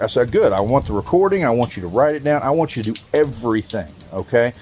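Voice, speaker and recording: A man telling a long prank story in a rough, profane, teasing way, with drawn-out, mock-serious emphasis. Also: medium pitch, big pitch swings, darkish tone, a little hiss or hum. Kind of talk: storytelling monologue.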